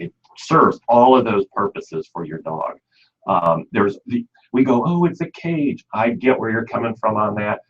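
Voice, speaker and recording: A man's voice: lowish voice, a bit bright, husky. A man with a Midwestern American accent hosting a pet radio show, chatting folksily and leaning on "you know.". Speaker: radio show host, pet store expert. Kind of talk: casual radio talk. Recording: dull lo-fi radio audio.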